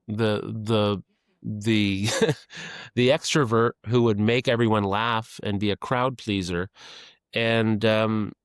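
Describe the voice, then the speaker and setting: A middle-aged man speaking as a podcast guest, candid and self-deprecating, talking haltingly with many fillers and restarts. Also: fairly low pitch, clean tone, no echo, clean studio sound. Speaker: podcast guest, advertising creative leader. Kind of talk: candid conversational interview.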